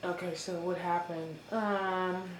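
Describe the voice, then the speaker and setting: A woman's voice: fairly low pitch, fairly even intonation. Woman rambling w lots of ums, chewing while she talks, room echo. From United States. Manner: rambling, halting, with many fillers. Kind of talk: casual monologue. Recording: echoey room with faint noise.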